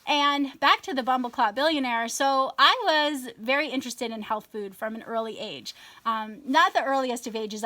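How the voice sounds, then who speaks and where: A woman's voice: sits high, pushed and bright, no echo. A woman farmer talking casually to camera from inside a hoop house, chatty and full of asides, acting out her own past thoughts.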